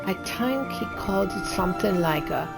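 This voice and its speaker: A woman's voice: mid-range voice, expressive, normal speed, creaky, poor audio. A woman playing a wood elf character in a game, telling a rambling tavern story that trails off and restarts. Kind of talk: in-character game role-play. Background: game music.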